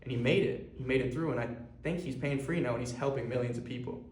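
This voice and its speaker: The voice is a young man's: medium-pitched, a little mellow and fast. As a clothing brand founder delivering a personal vlog monologue, he talks earnestly to camera, rambling with many fillers, and the room echoes.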